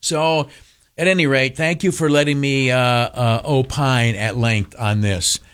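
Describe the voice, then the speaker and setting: A man's voice: medium pitch, fairly even intonation, measured pace, fairly bright tone, smooth. A man hosting a talk radio show, delivering a casual opinion monologue in a rambling, sarcastic way with plenty of fillers and restarts.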